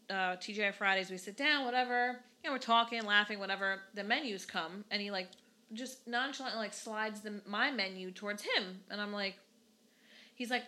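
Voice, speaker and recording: A young woman, co-hosting a podcast and telling a dating story in an animated, profane, casual way. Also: mid-range voice, rough recording. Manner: animated, swears freely, quotes herself in dialogue. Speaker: podcast co-host.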